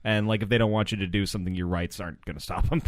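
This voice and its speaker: A man's voice: deep voice, fairly even intonation, racing, no room sound. A young man co-hosting a comedy podcast, rambling and laughing in casual chat. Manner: rambling, laughs often, restarts. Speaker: podcast co-host.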